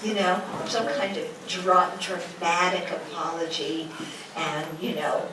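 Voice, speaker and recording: A woman Buddhist teacher takes her time through a dharma talk, her lowish voice showing little pitch movement. In the lecture room she puts rhetorical questions to the audience and mimics quotes playfully. The recording is distant, echoey and noisy.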